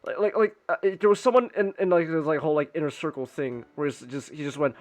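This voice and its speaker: A man's voice: a little high, fast talker, hardly any pauses, darkish tone, soft background music. A man streaming casually while drawing, rambling with lots of restarts and swearing.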